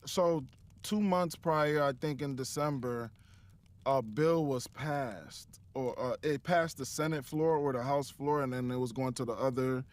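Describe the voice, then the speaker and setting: A man from Chicago, a guest in a casual interview, telling a story haltingly with chuckles. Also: medium pitch.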